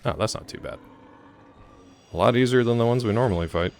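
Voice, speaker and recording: A man's voice: mid-range voice, a little fast, creaky, darkish tone, faint music behind. A man giving casual live gameplay commentary as a streamer, chatty and joking as he reacts aloud and talks to his chat. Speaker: game streamer.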